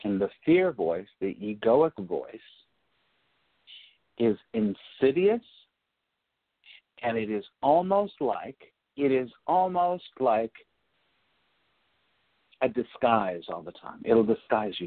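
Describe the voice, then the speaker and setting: A man giving a reflective spiritual teaching talk, speaking deliberately and repeating phrases for emphasis. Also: mid-range voice, big pitch swings, dry recording. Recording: narrow phone-like sound, dry.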